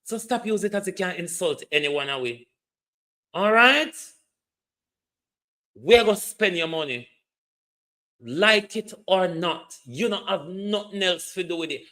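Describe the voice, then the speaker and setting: A man's voice: high voice, animated, moderate pace, bright, forceful tone. A man with a Jamaican accent hosting an online show, ranting in a blunt, mocking way and tagging his points with a questioning "hmm?". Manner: mocking, blunt, with frequent rhetorical "hmm?" tags. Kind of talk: political commentary rant.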